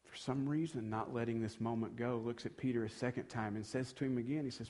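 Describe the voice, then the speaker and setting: A man's voice: mid-range voice, steady tone, fast, hardly any pauses, darkish tone. A male pastor giving a sermon in a conversational tone, acting out quoted dialogue and building to moments of emphasis.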